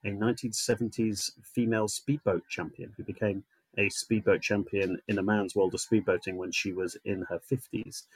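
A man's voice: lowish voice, steady tone, moderate pace, husky, no echo, low-quality recording. A man chatting casually as an actor and writer guest, rambling and joking with lots of fillers. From northern England. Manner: rambling, jokey, with many fillers. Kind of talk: casual chat.

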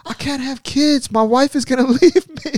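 A man imitating an aging male tennis coach in a high, whiny, complaining voice. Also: moderate pace, darkish tone, dry recording, studio quality. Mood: whining.

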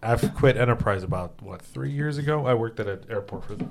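A man's voice: medium pitch, fairly quick. A man hosting a podcast in casual chat, laid-back and cracking dry jokes. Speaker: podcast host. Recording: noisy background.

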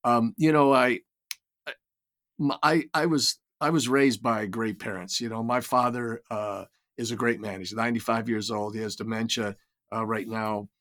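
A man's voice: mid-range voice, fairly even intonation, normal speed, fairly bright tone. An older man as an interview guest, telling reflective stories in a casual way with frequent restarts and repeated words. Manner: reflective storytelling with many restarts. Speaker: guest, writer and creator.

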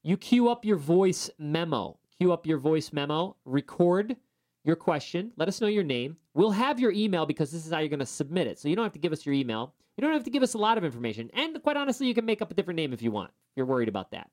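A man from upstate New York hosting a podcast, talking in an upbeat, enthusiastic way with quick asides. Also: on the high side, big pitch swings, darkish tone. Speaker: podcast host. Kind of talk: casual podcast chat.

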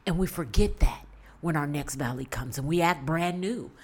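A woman's voice: low-pitched, moderate pace, slightly rough. A woman talking casually and earnestly to her viewers, giving life advice and repeating points for emphasis. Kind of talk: casual motivational talk.

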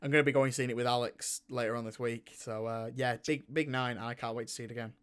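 A British man hosting a film podcast, chatting casually and excitably, laughing and swearing often. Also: medium pitch, fast, clear, resonant tone. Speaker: podcast host. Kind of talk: casual film review chat.

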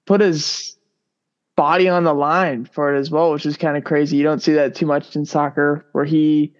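A man co-hosting a sports podcast, talking in a relaxed, rambling way with lots of fillers. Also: a little high, normal speed. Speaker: podcast co-host. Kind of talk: casual sports podcast chat. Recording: dull lo-fi sound.

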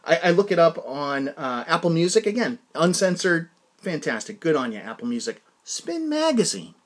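Guy doing a solo podcast, kinda high voice, all over the place pitch-wise, rants a lot. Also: lively intonation, normal speed. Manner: rambling, many restarts, gets heated and ranting. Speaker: podcast host.

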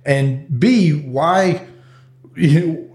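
A man's voice: on the high side, very slow, a little mellow. A man co-hosting a casual political talk show, earnest and hesitant, stumbling over restarts and fillers. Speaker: podcast co-host.

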